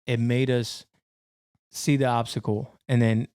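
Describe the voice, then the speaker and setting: A man's voice: mid-range voice, little pitch movement, measured pace, darkish tone, clear, resonant tone, dry recording, clean studio sound. A young man co-hosting a podcast in casual, slangy chat, laughing often. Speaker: podcast co-host.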